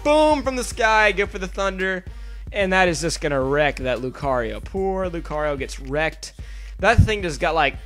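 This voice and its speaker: A young man casually narrating his game battle over a home mic, excitable and swearing freely. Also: high voice. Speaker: gaming video narrator. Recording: faint music underneath.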